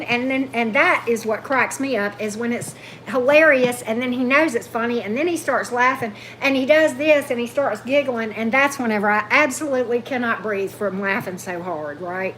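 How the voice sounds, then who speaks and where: A woman's voice: a little high, moderate pace, a little hiss or hum. Gushing woman chatting with viewers. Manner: gushing, animated, reads out viewer comments. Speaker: tarot channel host. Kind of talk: casual livestream chat with viewers.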